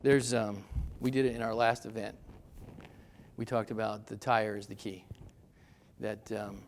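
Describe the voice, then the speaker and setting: A man's voice: fairly low pitch, little pitch movement, unhurried, slight background noise. A middle-aged man giving a motivational seminar talk, chatty and self-deprecating, telling stories to the room. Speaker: seminar speaker.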